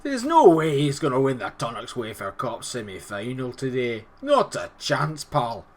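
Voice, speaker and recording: A man's voice: medium pitch, big pitch swings, moderate pace. A man putting on a Scottish accent to voice a scornful Scottish man who taunts and dismisses a football manager. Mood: taunting. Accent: put-on Scottish.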